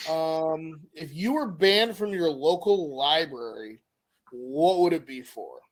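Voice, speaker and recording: Man, middle-aged, co-host, casual chat, lively storyteller, slightly higher voice. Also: takes it slowly. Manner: animated storyteller, acts out voices. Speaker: co-host asking questions.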